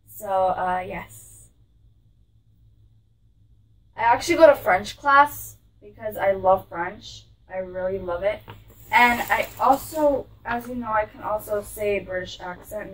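A woman's voice: mid-range voice, recorded from a distance, rough recording. A woman hosting a casual shopping-haul vlog in her room. She gushes over every item and keeps saying how cute things are. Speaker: vlog host showing a clothing haul. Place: her room with a closet behind.

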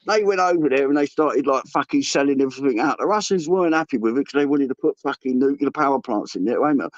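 A man ranting loudly and rambling in rowdy, casual banter full of swearing. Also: mid-range voice, lively intonation, fast talker, no room sound. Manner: loud, rambling, swears heavily, boastful rants. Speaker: livestream panel regular. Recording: dull lo-fi, dry sound.

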